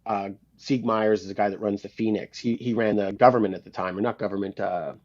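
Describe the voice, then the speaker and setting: With a lowish voice and a fairly quick delivery, a guitarist and producer being interviewed tells animated, casual stories. He acts out the dialogue he quotes and swears offhandedly, all on a dull, lo-fi recording.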